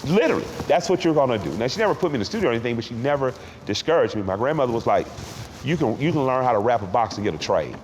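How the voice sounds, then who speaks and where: A man in his forties, a guest in an interview, speaking in a heartfelt way and sometimes tearful, pausing and repeating words when moved. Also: mid-range voice, lively intonation, long reverb tail, background noise. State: tearful at times. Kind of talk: emotional reflective interview talk.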